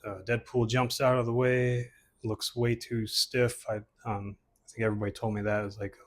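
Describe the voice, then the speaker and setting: A man's voice: medium pitch, little pitch movement, moderate pace. A man casually talking through his old comic portfolio pages, rambling with many fillers and restarts. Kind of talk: casual chat.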